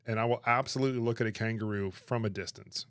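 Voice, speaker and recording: A man chatting on his livestream, animated and laughing, protesting in exaggerated disbelief. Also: lowish voice, quick pace, no room sound, studio quality. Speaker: streamer reacting to chat. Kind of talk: casual livestream chat.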